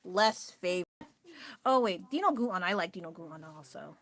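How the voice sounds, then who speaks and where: A woman's voice: lowish voice, expressive, normal speed, fairly bright tone. A woman with an American accent chatting casually on a livestream, rambling and laughing often as she answers her chat. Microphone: phone.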